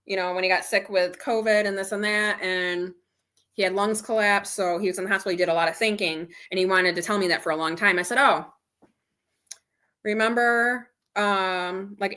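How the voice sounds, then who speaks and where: A middle-aged woman hosts a casual live chat with her viewers. Her voice is bright and forward, sitting at an ordinary pitch for a woman. She talks candidly, retelling an argument with plenty of quoted back-and-forth. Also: fairly even intonation, normal speed. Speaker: channel host.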